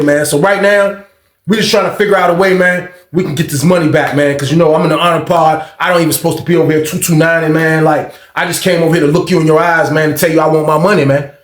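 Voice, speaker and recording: A man tells a story in loose street slang, animated and full of repeats, slipping into the voices of the people in it. His voice sits a little high. The room around him is echoey and hollow. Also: quick pace. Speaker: storyteller recounting prison life. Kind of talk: casual storytelling.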